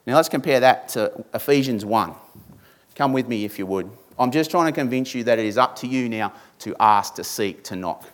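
A man preaching a sermon, stressing his points with repetition and rhetorical questions. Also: medium pitch. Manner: emphatic, repeats key words, rhetorical questions. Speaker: pastor.

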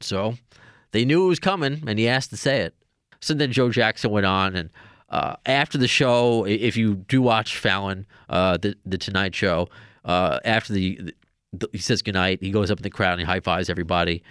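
A man with a fairly low voice hosts a podcast and rambles through a story. He restarts often and jumps into quoted lines in a raised voice. The sound is dry and close. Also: fairly quick, fairly bright tone, clean tone, no echo. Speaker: podcast host. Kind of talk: casual storytelling monologue.

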